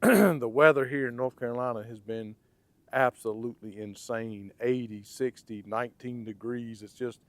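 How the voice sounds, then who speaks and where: A man with a raspy, slightly hoarse voice walks through a hands-on product review. He talks in a casual, conversational way and often checks in with the listener. His voice sits at an ordinary middle pitch. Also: normal speed, no echo. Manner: conversational, ends points with "okay?" and "right?". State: hoarse from blocked sinuses. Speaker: firearms reviewer.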